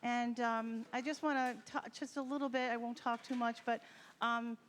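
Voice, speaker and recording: A woman's voice: fairly high pitch, level tone, normal speed, a bit bright, slight background noise. A woman music teacher speaking at a school concert, informal and heartfelt, talking directly to her students. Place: school concert hall with an audience.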